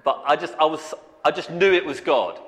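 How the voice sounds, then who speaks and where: A man's voice: fairly high pitch, animated, brisk, a bit bright. A man preaching a sermon, earnest and repetitive, often calling out "amen". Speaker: pastor. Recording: long reverb in a hall.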